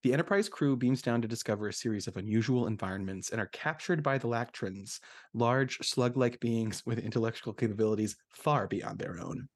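A man's voice: mid-range voice, fairly quick, slightly rough. A man hosting a podcast, chatting casually with frequent fillers and laughs, then reading a plot summary. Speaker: podcast host.

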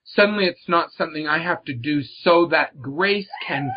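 A man's voice: on the high side, moderate pace, few pauses, background noise. A man speaking earnestly about faith as an author and guest, stressing his words and often repeating them. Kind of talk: reflective religious discussion. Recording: slightly muffled, lo-fi audio.

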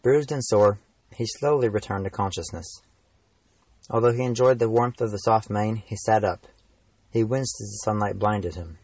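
A teenage man, the author, reading his own fantasy novel aloud in steady, even narration. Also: on the low side, normal speed, no room sound, rough recording. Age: teens.

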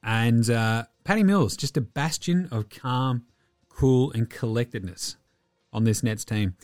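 An Australian man hosting a sports podcast, ranting in a profane, animated, mocking way. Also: medium pitch, measured pace. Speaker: podcast host. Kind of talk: opinionated sports podcast rant.

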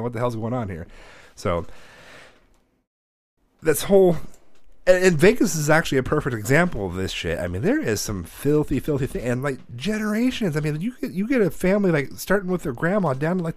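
A man in his thirties telling a story in a casual chat, animated and profane, acting out the voices of the people in it. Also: medium pitch, fast, no room sound.

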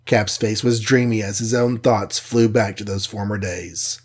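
Husky man reading a storybook. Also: on the low side. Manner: steady, measured reading. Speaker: audiobook narrator. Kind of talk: scripted storybook narration.

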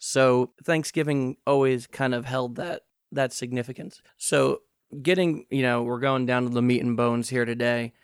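A man's voice: medium pitch, fairly even intonation, clean tone, no echo. Earnest male podcast host, dry sound. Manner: earnest, measured, many "you know" fillers. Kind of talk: podcast hosting, scripted intro then chat. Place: New York City.

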